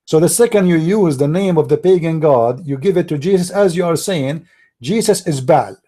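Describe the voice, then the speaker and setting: A man's voice: on the high side, moderate pace, warm tone. A man hosting a call-in show, lecturing in a scornful, heated way and repeating himself, in non-native English. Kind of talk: heated monologue.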